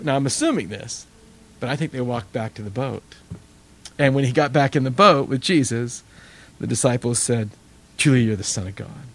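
Middle-aged male pastor, conversational sermon delivery, animated storyteller. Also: mid-range voice.

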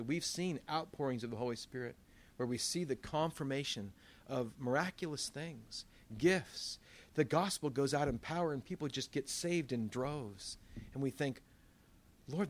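A man, a pastor, preaching a sermon in a conversational way, with asides and quick backtracks. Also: medium pitch.

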